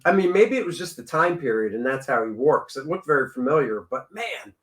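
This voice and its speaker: A man's voice: mid-range voice, expressive, fairly quick. A man co-hosting a casual movie review chat, chatty and joking.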